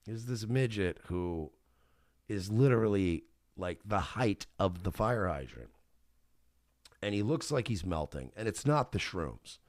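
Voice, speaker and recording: A man with a fairly low voice tells a rambling story on his radio show. He is animated, swears freely and breaks into laughter. The recording is dry and close, with no room sound. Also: a little slow, no echo. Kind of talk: casual storytelling.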